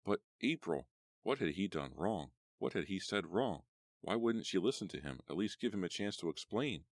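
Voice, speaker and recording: A man narrating a horror audiobook in a measured, steady way. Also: sits low, no echo, clean studio sound.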